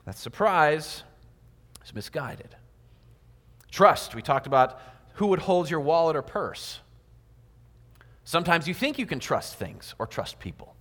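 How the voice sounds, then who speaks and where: A man's voice: fairly high pitch, very animated, a little slow, long pauses, a bit bright. A man giving a sermon in a church, acting out little everyday scenes with quoted voices. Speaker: preacher. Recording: long hall reverb.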